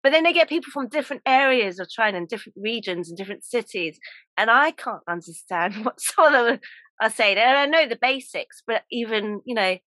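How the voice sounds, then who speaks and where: English lady host, chatty, laughs a lot, bright voice, dry close sound. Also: on the high side, expressive, a little fast, dry recording. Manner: chatty and laughing, with many fillers and restarts. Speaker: podcast host. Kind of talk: casual chat.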